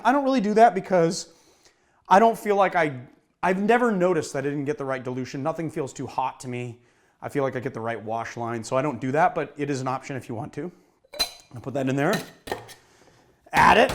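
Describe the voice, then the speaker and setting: Slightly fast and lively in intonation, a bartender with a somewhat high voice hosts a laid-back cocktail lesson. He keeps talking through the mixing and shaking, chatty, self-deprecating, and slightly breathless.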